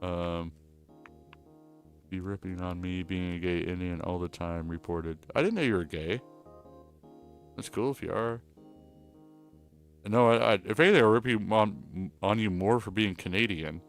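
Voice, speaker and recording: A man's voice: low voice, measured pace, pauses often, soft background music. A man streaming from home, chatting casually in a rambling, crude, joking way. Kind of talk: casual livestream chat.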